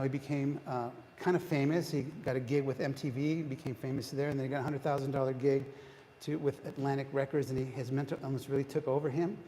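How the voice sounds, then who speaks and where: In a church hall with long reverb and faint background noise, a man with a mellow, medium-pitched voice gives a retreat talk to a congregation. He's engaging, often quizzing his listeners and frequently restarting his sentences.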